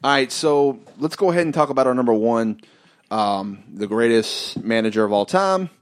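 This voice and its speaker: A man co-hosting a casual podcast chat, telling stories with big swoops of pitch. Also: moderate pace, smooth. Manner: animated storytelling with swoops of pitch. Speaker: podcast co-host.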